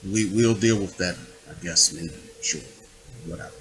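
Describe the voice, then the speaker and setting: A man's voice: low-pitched, moderate pace, low-quality recording. A man giving a rambling spiritual monologue, digressive and full of rhetorical questions. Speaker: public official making his own videos.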